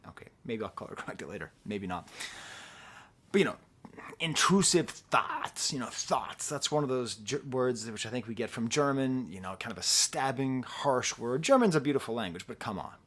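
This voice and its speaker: A middle-aged man giving a casual, rambling album review, animated and quick to laugh at himself. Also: medium pitch. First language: English. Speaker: music reviewer.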